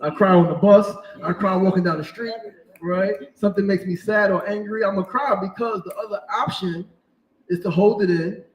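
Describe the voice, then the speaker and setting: Candid man in his forties, high voice. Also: fairly even intonation, moderate pace, echoey room, recorded from a distance, highs cut off. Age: 40s. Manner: emotional, open, candid storytelling. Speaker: podcast host. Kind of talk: casual interview conversation.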